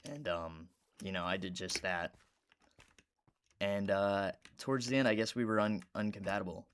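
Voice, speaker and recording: A man telling a rambling, casual story while playing a video game, with sudden loud outbursts at the game. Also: fairly low pitch, normal speed, clear, resonant tone. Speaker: gaming YouTuber.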